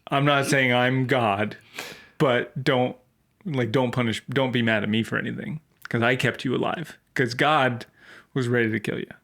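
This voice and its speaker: A man's voice: mid-range voice, steady tone, moderate pace, a bit bright. A man co-hosting a comedy podcast, offering wry hot takes in a casual chat. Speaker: podcast co-host.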